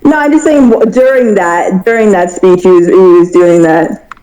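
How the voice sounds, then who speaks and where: A woman's voice: lowish voice, moderate pace, mellow, poor audio. A woman player in a tabletop game, chatty and giggly.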